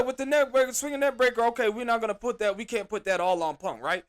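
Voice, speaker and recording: High-voiced man ranting casually. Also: fast. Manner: animated, exasperated ranting with slang. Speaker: podcast host. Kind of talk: casual wrestling review.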